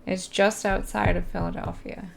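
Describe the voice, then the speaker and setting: A woman from the US East Coast chats easily with her live audience. She wanders from thought to thought with a gravelly, fry-tinged voice at an ordinary pitch. A faint hiss sits under her talk. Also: level tone, moderate pace. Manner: chatty, rambling, answers chat questions aloud. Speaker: live streamer. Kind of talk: casual chat with viewers.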